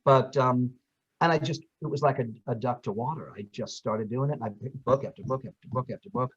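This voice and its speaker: An older actor and audiobook narrator from Brooklyn, New York chats in a casual interview, telling animated stories full of restarts and fillers and slipping into voices. His voice is medium-pitched, husky and fairly quick. The lo-fi audio sounds slightly dull.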